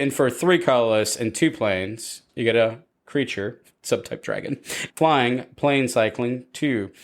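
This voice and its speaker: A man co-hosting a podcast, giving opinionated takes on cards and reading their text aloud. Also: on the low side. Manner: opinionated, reads card text with pauses. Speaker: podcast co-host. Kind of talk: casual podcast chat.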